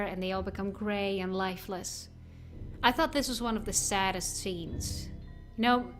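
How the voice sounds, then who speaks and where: A young woman hosting a let's play, chatting casually and rambling, often restarting her sentences. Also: mid-range voice. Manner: chatty, rambling, self-interrupting. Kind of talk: casual game commentary.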